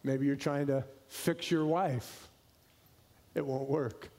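A male pastor preaching a sermon, stressing key words slowly and dropping at times to a hushed tone. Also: mid-range voice, fairly even intonation.

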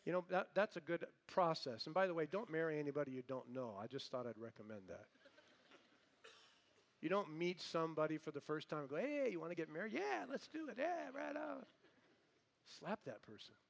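Emphatic male preacher, raised pitch. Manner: emphatic preaching, swinging between hushed and loud; conversational asides with humor. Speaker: pastor. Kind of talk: sermon.

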